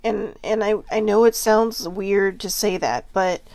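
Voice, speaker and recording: Tearful woman, halting and apologetic. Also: medium pitch, a little mellow, dry recording. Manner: halting and apologetic, with nervous laughs. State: tearful, close to crying. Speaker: host. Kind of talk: personal self-help monologue to viewers.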